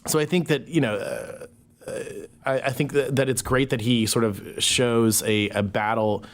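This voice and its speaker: A man talking as a podcast guest, thoughtful and hesitant with many pauses and fillers. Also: mid-range voice, steady tone. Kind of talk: casual conversation.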